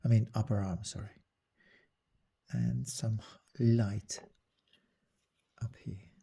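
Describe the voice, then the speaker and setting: Slow, low-key guy talking thru a drawing demo, gravelly and husky, half whispering. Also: fairly even intonation, warm tone. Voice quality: mutters and half-whispers while working. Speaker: artist demonstrating drawing. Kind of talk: narrated drawing demonstration.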